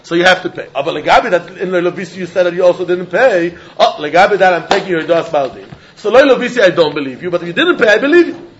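A man's voice: high-pitched, expressive, fast talker, slight background noise. A man teaching a Talmud lesson, arguing both sides back and forth and often laughing as he explains. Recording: dull lo-fi recording.

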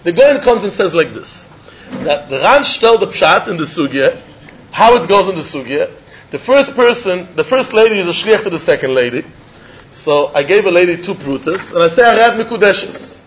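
A man leads a Talmud study lesson in a high voice. He reasons out loud with animated energy, chuckling and stumbling over repeated words. The recording sounds muffled and lo-fi. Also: normal speed, slight background noise. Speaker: Talmud teacher. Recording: dull lo-fi recording.

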